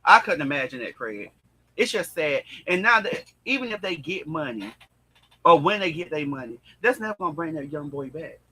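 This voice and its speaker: A man's voice: a little high, very animated, moderate pace, pushed and bright, breathy edge. A man co-hosting a casual chat, sassy and dramatic, calling people girl and honey.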